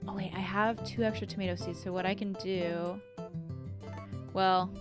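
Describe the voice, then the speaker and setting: A woman's voice: medium pitch, steady tone, normal speed, music in the background. A young woman streaming a farming game, chatting casually and thinking aloud as she plays. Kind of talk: casual gameplay commentary.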